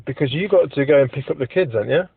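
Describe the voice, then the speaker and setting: A man's voice: on the high side, animated, very fast, gravelly, breathy edge, dry recording. Dry teasing man on a phone line. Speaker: podcast co-host. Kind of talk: casual chat over a call. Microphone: phone call.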